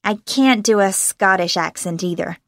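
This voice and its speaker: A woman's voice: mid-range voice, normal speed, no room sound, clean studio sound. A young American woman from Los Angeles, an actress answering interview questions in a bubbly way and laughing often. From Los Angeles, USA.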